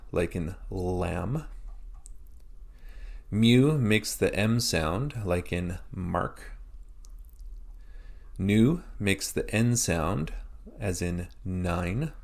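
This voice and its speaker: A Canadian man teaching a recorded lesson, explaining slowly and deliberately with example words. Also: fairly low pitch.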